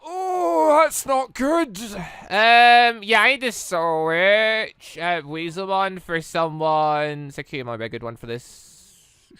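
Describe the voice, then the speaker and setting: A man's voice: on the high side, slow, pushed and bright, smooth, no room sound. A man giving exasperated let's-play commentary, swearing often and talking back to the game. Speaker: gaming YouTuber.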